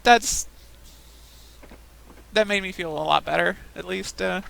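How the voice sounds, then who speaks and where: A young woman chats casually while gaming, drifting from anecdote to anecdote and laughing often. Her voice is bright and forward. She talks loosely, with restarts and asides. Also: lowish voice, unhurried, vocal fry, poor audio. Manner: rambling storytelling, frequent laughs. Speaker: gaming podcaster. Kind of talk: casual chat while playing a game.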